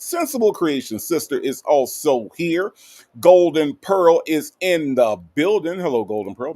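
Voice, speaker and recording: A man's voice: on the low side, a little mellow, no room sound. Guy hosting a live stream, chatty and upbeat, dry close sound. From American South. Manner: upbeat, greets viewers by name with playful asides. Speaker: livestream host. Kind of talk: casual chat reading live comments.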